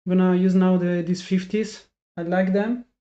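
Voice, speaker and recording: A man's voice: high voice, little pitch movement, moderate pace, mellow. Frustrated man thinking aloud while trading. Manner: frustrated, self-critical, thinks aloud with restarts. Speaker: day trader streaming live. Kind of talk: live trading stream, talking to chat. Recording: dull lo-fi sound.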